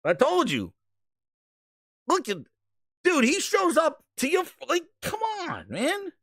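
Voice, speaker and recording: A man hosting a casual commentary show, reacting to videos with profane, laughing, animated rants. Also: extremely high pitch, slow, dry recording, studio quality. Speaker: host.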